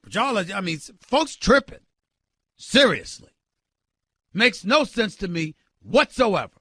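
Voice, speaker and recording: A man hosting a sports talk show, ranting loudly and emphatically with incredulous exclamations and direct calls to his listeners. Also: sits high, very animated, measured pace, husky, no room sound. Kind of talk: sports radio rant.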